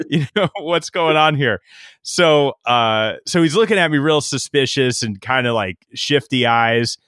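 Unhurried and medium-pitched, a middle-aged man spins a casual sales story on a podcast, often laughing and repeating what he said at the time. The studio-quality audio has no room sound.

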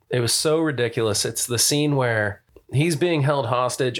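A man co-hosting a casual movie podcast, talking in halting, amused bursts with repeated words. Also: medium pitch, fairly bright tone. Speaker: podcast co-host.

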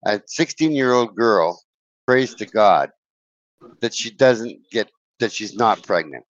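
Lowish male host, reflective and musing, dry lo-fi podcast audio. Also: lively intonation, takes it slowly, no echo. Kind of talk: casual chat.

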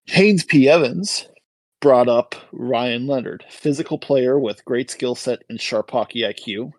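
A man's voice: medium pitch, unhurried, no echo, rough recording. A man co-hosting a casual hockey podcast, reading out listener posts and weighing trades in detail. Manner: reads listener posts, analytical. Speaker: podcast co-host. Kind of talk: casual sports podcast chat.

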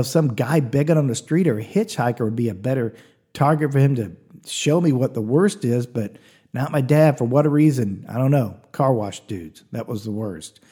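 A man's voice: fairly high pitch, mellow, breathy edge. A man hosting a podcast, telling a comic story in a chatty way, with confiding asides to the listener. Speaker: podcast host.

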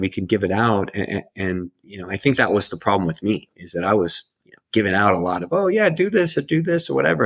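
Middle aged guy, deep husky voice, halting, keeps restarting his sentences, interview guest. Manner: halting, often repeats words as he restarts. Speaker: author and life coach guest. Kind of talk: reflective interview conversation.

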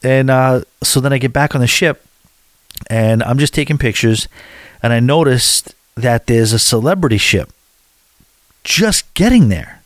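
A man's voice: medium pitch, expressive, a little slow, no echo, studio quality. A middle-aged American man casually recounting his evening out, rambling with restarts and chatty asides. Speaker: vlogger recounting a cruise stop. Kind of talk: casual storytelling.

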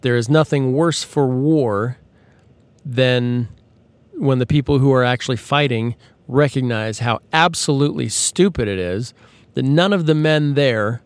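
Male podcast host, mid-pitch, conversational and earnest, dead-dry close sound. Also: no echo. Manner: conversational, earnest, with frequent fillers and restarts. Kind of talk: casual monologue.

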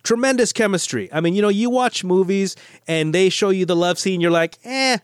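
A middle-aged American man co-hosting a casual movie podcast, chatty and animated, often restarting his sentences. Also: high voice, brisk, clean tone, no echo, clean studio sound. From United States. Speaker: podcast co-host.

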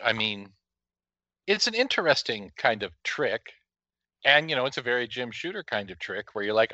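A man's voice: medium pitch, lively intonation, brisk, bright, forceful tone, dry recording, lo-fi sound. A man co-hosting a casual comic-book podcast, explaining story details and laughing easily. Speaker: podcast co-host.

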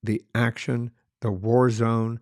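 A man's voice: mid-range voice, flat delivery, slow, darkish tone, no echo, clean studio sound. A middle-aged man co-hosting a casual film review chat, talking earnestly and often restarting his phrases.

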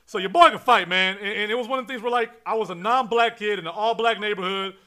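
Fast-talking, excitable profane male host. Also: high-pitched. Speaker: podcast host. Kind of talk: casual podcast chat.

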